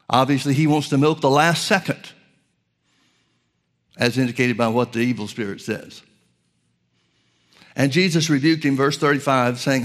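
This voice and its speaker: A male preacher teaching from scripture, reading verses slowly with stress on key words and calling his listeners folks. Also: mid-range voice. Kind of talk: Bible teaching sermon.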